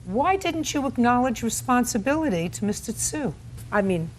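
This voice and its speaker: A woman presiding as a TV court judge, sharp and scolding, who cuts people off constantly. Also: a little high, very animated, moderate pace, a little hiss or hum. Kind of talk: courtroom TV show. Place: TV courtroom set.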